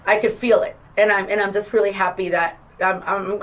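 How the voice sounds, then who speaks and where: A woman with an ordinary mid-range voice talks in a casual interview as an adult school staff member. She is encouraging and lively. She retells past conversations by acting out the quoted lines. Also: medium pitch, brisk, rough recording.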